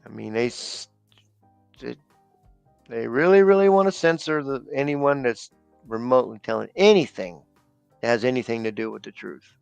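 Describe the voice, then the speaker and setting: A man's voice: mid-range voice, moderate pace, vocal fry, pauses often, clean tone, dry recording, soft background music. A man co-hosting a casual livestream, talking loosely and rambling with slang and fillers.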